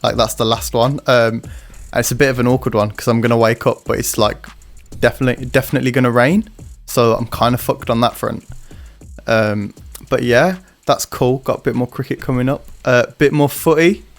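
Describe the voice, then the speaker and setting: A man's voice: medium pitch, fairly even intonation, fairly quick, faint music behind. A man co-hosting a podcast, chatting in rambling, sweary, teasing banter. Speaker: podcast co-host. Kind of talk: casual banter.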